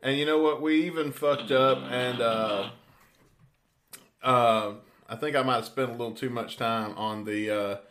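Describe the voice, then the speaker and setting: A man's voice: medium pitch, unhurried, fairly bright tone. A man hosting a podcast in loose, joking chat, swearing freely and laughing often. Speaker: podcast host. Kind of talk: casual chat.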